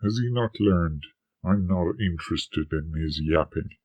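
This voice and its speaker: A man voicing a haughty male house cat who scorns humans, in a husky, sneering, contemptuous tone. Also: low-pitched, unhurried, darkish tone, voice pushed down. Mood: scornful. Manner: sneering, contemptuous inner monologue.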